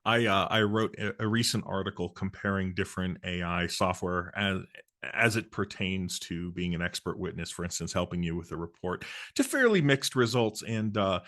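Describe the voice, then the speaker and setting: A man's voice: deep voice, lively intonation, moderate pace, a bit bright. A man hosting an interview, asking conversational questions and laughing along with his guest. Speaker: interview host.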